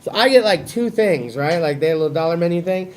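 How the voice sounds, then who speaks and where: A young man hosting a talk show, telling a long crude story with lots of swearing and animated asides. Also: fairly high pitch, fast, slight background noise. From California. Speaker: host.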